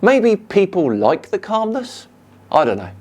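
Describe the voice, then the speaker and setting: A man with a British accent, calmly and sarcastically answering viewer comments as a channel host. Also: sits high, a little slow. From United Kingdom. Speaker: YouTube science debunker host.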